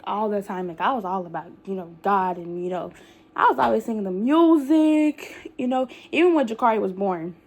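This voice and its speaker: A woman's voice: medium pitch, a little hiss or hum. Breathless young woman vlogging. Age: young adult. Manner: rambling, many fillers, colloquial speech. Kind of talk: casual talk to camera.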